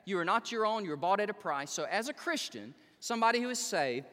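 High, animated male preacher in a hall. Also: fast talker. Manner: storytelling, self-deprecating humor, stammered restarts. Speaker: pastor. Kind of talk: sermon. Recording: long reverb of a large hall.

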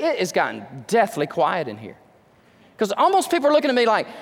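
Male pastor, high-pitched, emphatic sermon delivery, long church reverb. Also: huge pitch swings, fairly quick, fairly bright tone. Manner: emphatic preaching with rhetorical questions. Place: church sanctuary.

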